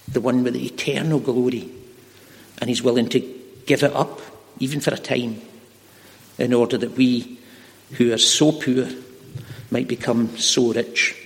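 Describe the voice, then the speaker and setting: A man preaching a sermon in a church, telling stories earnestly and slowing down to stress key words. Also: mid-range voice, creaky, a bit bright. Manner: earnest, slows for emphasis. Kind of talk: sermon with storytelling. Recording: long hall reverb.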